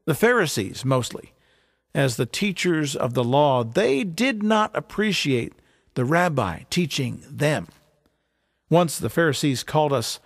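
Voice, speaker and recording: A man telling a dramatic first-person story as a fisherman disciple, halting and stammering with wonder. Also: on the high side, gravelly, dry recording, clean studio sound. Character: fisherman disciple recalling his teacher, earnest.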